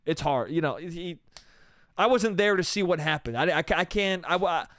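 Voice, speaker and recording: A young man hosting a comedy podcast, telling a story in animated, profane, slangy style with lots of quoted voices. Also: a little high, moderate pace, dry recording.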